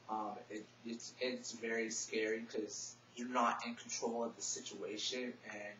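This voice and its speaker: A young man telling a personal story to his vlog audience, soft-spoken and emotional, teary at times. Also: lowish voice. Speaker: vlogger. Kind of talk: casual personal storytelling to camera. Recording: echoey, distant, dull webcam audio with faint hum.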